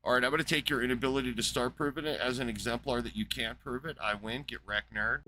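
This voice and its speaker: Bright, ranting man host. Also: mid-range voice, fairly even intonation, fast talker, a little hiss or hum, low-quality recording. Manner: ranting, profane, scornful. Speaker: live-stream host. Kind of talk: heated reaction commentary.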